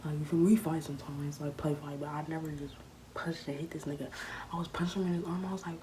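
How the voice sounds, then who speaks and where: Low-voiced young woman telling a story. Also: steady tone, fast, warm tone, slight background noise, rough recording. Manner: rambling, talks straight to viewers, slips into whispers. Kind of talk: storytime vlog, casual chat.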